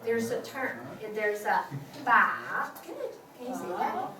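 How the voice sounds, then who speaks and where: High-voiced teacher in an echoey classroom. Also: female voice, animated, moderate pace, crowd noise. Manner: patient, repeats tones for students, many fillers. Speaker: Chinese language teacher. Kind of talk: classroom lesson. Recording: echoey room from far off, faint noise.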